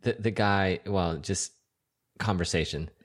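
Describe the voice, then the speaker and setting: A man's voice: sits low, a little slow. A man co-hosting a podcast in casual chat, telling stories playfully with acted-out quotes. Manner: playful storyteller, stammers on restarts. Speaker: podcast co-host.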